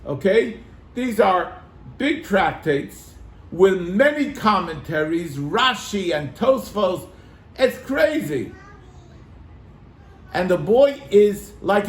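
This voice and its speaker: Animated storytelling rabbi, high voice. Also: male voice, slow pace, reverberant. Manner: animated, acts out quoted voices. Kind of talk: storytelling to a congregation.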